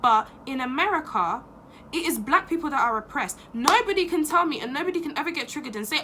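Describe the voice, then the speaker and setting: A woman's voice: high-pitched, animated, fairly quick, sharp tone, slight background noise. A young woman talking in a casual opinion vlog, impassioned and emphatic, repeating phrases for stress. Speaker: vlogger.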